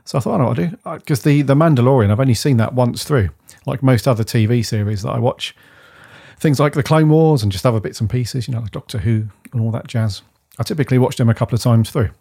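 A man from the UK co-hosting a podcast in a mellow, slightly husky voice. He rambles enthusiastically and often lets his phrases trail off softly. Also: medium pitch, quick pace. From United Kingdom. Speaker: podcast co-host. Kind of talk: casual chat.

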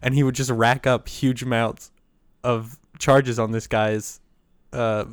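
A man's voice: mid-range voice, little pitch movement, takes it slowly, clean tone, no room sound, studio quality. A man co-hosting a podcast, telling a story in a laid-back way, swearing freely and laughing often. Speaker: podcast co-host. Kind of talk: casual chat and storytelling.

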